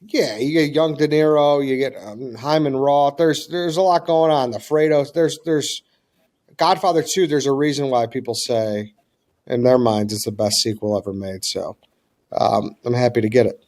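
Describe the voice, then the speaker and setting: A man's voice: medium pitch, normal speed, darkish tone. Hesitant man talking on a podcast. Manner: hesitant, restarts and mulls aloud. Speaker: podcast panelist. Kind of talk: casual podcast chat.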